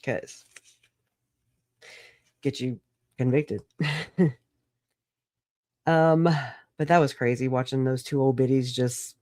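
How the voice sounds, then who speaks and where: A woman's voice: very deep voice, fairly even intonation, takes it slowly, long pauses, dark tone, no echo, clean studio sound. A woman hosting a casual solo livestream, rambling through stories, swearing and laughing often. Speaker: livestream host.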